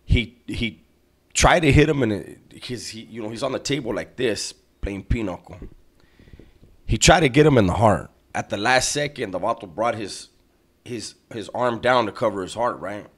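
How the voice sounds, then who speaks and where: A very low-pitched man, telling a story in relaxed, slangy street talk. He clears his throat often and checks in with a "right?" as he goes. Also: normal speed. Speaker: storyteller recounting prison life. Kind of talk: casual storytelling.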